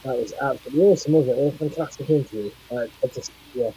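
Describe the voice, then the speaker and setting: A man's voice: mid-range voice, very fast, warm tone, husky, rough recording. Man, co-host, casual chat, wry quips, chuckles, mid-range voice.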